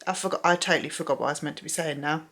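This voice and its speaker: A woman's voice: deep voice, very fast, a bit bright. Give me a tired, chatty young woman vlogging at home at night, poking fun at herself. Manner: chatty, self-mocking, rambling. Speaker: book vlogger. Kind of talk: casual vlog chat.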